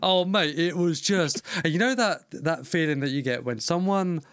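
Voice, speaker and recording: A man's voice: a little high, moderate pace, fairly bright tone, clean tone, no room sound, studio quality. A man co-hosting a podcast, rambling and swearing as he tells a story with frequent laughs. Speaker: podcast co-host. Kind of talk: casual banter.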